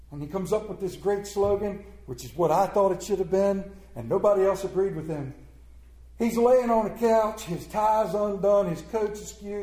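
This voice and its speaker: Man, high voice, playful comic storytelling, animated, roomy echo. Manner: animated, playful, with emphatic swings. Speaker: speaker entertaining an audience. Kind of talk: comic storytelling to a live audience.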